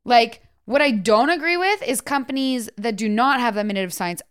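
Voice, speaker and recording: A woman's voice: fairly high pitch, fairly quick, a bit bright, clean tone, no room sound, clean studio sound. A woman co-hosting a casual podcast, speaking firmly and from the heart, with plenty of likes and restarts. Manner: firm, heartfelt, talks with many likes and restarts. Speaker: podcast co-host.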